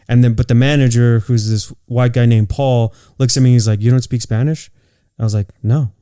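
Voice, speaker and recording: A man's voice: mid-range voice, fairly even intonation, fairly quick, warm tone, clear, resonant tone, no room sound, studio quality. A man from California, co-hosting a podcast and telling work stories in a loose, profane way with lots of "like" fillers. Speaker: podcast co-host. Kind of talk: casual chat.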